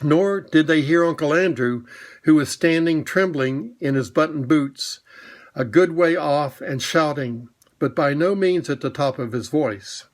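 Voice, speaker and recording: A man narrating a children's story in a measured, even storytelling manner. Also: on the high side. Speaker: audiobook narrator. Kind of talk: storybook reading.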